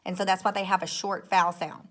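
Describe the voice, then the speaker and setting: A woman's voice: on the low side, level tone, fast talker. Female teacher, recorded grade-school lesson; patient, methodical, checks in often. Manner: patient, explains step by step, frequent "okay?" checks. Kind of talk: recorded classroom phonics lesson.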